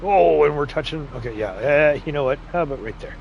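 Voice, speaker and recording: A man's voice: a little high, lively intonation, brisk, vocal fry, dull audio, slight background noise. A man hosting a live farming-game stream, chatting casually with viewers and joking with his in-game workers. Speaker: livestream host. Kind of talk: casual live gameplay chat.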